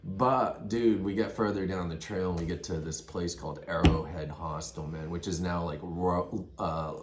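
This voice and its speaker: A man's voice: sits low, steady tone, normal speed, reverberant, background noise. A man telling hiking trail stories in a rambling, casual way, tossing in "man" and "dude" often. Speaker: hiker vlogger. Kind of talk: casual storytelling.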